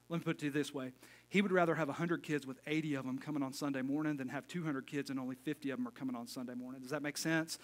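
Middle-aged male pastor, folksy sermon, joking asides, higher voice, bright tone.

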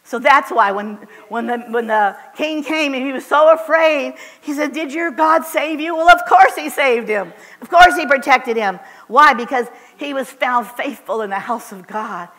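A woman preaching a sermon with fervent, emphatic conviction, her voice bright and cutting. She hammers her points home in short, repeated declarations, a little higher than most women. The sound carries a long, echoey reverb from the church hall. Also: normal speed, few pauses. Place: church sanctuary.

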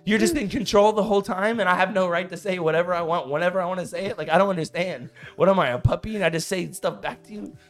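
A man in his thirties co-hosting a casual podcast, telling a story in an animated way, getting loud and worked up, saying "bro" a lot. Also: high voice, fast talker, hardly any pauses, soft background music. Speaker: podcast co-host.

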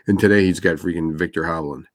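A man's voice: sits low, quick pace, no echo, studio quality. A male sports betting show host in casual chat, talking hesitantly with many fillers.

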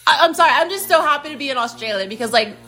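A woman hosting a solo podcast in a casual, rambling monologue, swearing freely and tripping over repeated words. Her voice is fairly high and bright, swinging widely in pitch. Faint music plays underneath. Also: expressive, very fast, rough recording. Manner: profane, rambling, stuttering repeats. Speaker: podcast host.

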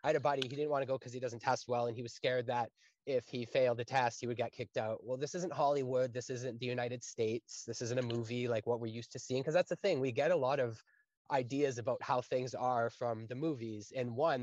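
A man's voice: medium pitch, steady tone, a little fast, darkish tone, no echo, lo-fi sound. A man in his thirties from Canada, talking earnestly and at length in a casual podcast conversation, full of fillers. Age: 30s. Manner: earnest, rambling with frequent fillers. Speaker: guest.

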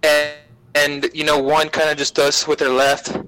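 A man guesting on a podcast, retelling an anime plot in a profane, rambling, animated way. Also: on the high side, measured pace, rough recording. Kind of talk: casual anime recap chat.

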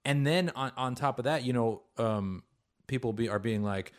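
A man who is a guest on a podcast, talking casually in a wry, opinionated way. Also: mid-range voice. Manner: fast, talkative, wry and opinionated. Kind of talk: casual conversation.

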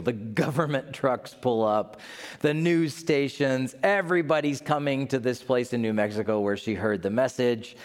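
Male pastor, animated storytelling sermon, mid pitch, long hall reverb. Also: moderate pace. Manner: animated storytelling, playful asides.

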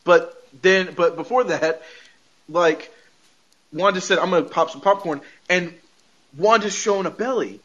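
On a muffled recording, a man with a high-sitting voice speaks somewhat slowly as he hosts a podcast. He gives an animated, casual retelling of a TV episode, frequently laughing and quoting characters' lines.

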